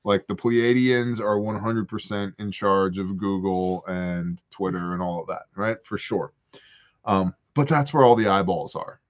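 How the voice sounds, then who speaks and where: Deep-voiced and unhurried, a man hosts a livestream Q&A for preppers from his porch, with the highs cut off in the audio. He banters over viewer comments, joking and telling stories in an animated style.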